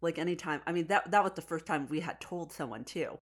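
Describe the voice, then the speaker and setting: A woman's voice: low-pitched, fairly quick. A pregnant woman chatting casually, telling a family story animatedly and laughing often. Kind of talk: casual chat.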